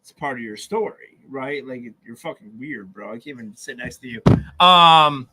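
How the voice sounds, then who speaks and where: A man's voice: mid-range voice, fairly quick, fairly bright tone, slightly rough. A man in his forties co-hosting a casual podcast, joking, swearing a lot and filling his talk with "like". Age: 40s. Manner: joking, heavy swearing and filler "like". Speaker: podcast co-host. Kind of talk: casual chat.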